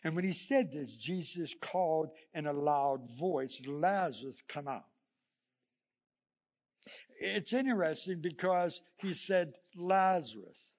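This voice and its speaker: A male pastor preaching a sermon, telling stories with lively energy, acting out quotes and chuckling often. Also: on the high side, measured pace, hardly any pauses. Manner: animated storytelling, acting out the scripture quotes; chuckles often between points. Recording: dull lo-fi sermon recording.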